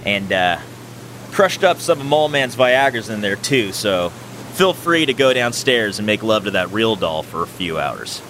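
A man's voice: lowish voice, big pitch swings, moderate pace, slight background noise. Man playing a crude, rowdy party guy. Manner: loud and swaggering.

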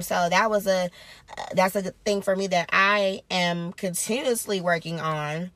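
A woman's voice: on the low side, steady tone, a little slow, a bit bright, no room sound. A young woman talking candidly in a personal vlog, rambling and reflective with many fillers.

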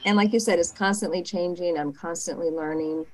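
A woman interviewer speaking gently and affirmingly to her guest in a conversation. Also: fairly low pitch, fairly quick. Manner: gentle, affirming, soft-spoken.

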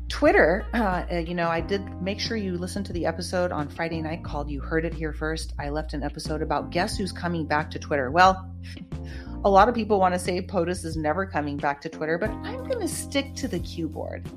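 A woman hosting her own show, talking casually in a rambling, emphatic way with lots of ums and uhs. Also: on the low side. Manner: rambling, emphatic, with many fillers. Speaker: podcast host. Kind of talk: casual monologue.

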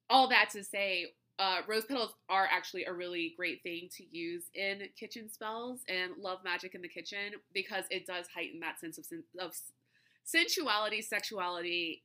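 This young adult podcast host has a mid-range, sharp-toned voice. She rambles through a casual chat, leaning on "like" and "you know" and laughing often.

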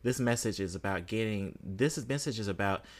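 A man's voice: lowish voice, brisk. A man hosting a podcast, chatting casually and reading listener reviews with playful, exclamatory bursts of emphasis. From Southern United States. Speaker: podcast host.

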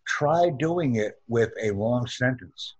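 Husky-voiced man teaching English. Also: mid-range voice, animated. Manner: slow deliberate drills, repeating sentences. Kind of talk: online English lesson.

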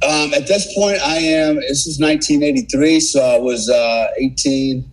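Husky man in his sixties telling stories. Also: fairly high pitch, moderate pace, rough recording. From United States. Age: 60s. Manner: profane, animated war-story teller. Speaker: podcast guest, military veteran. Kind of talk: casual storytelling.

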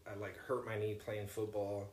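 Man, podcast co-host, low-ish bright voice, rambling casual chat, faint noise. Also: monotone, a little fast, reverberant. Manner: rambling, hesitant, lots of fillers.

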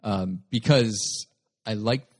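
A young adult guest comedian rambles through a story in a casual interview, his voice fairly low, slow, and darkish. He often corrects himself mid-sentence.

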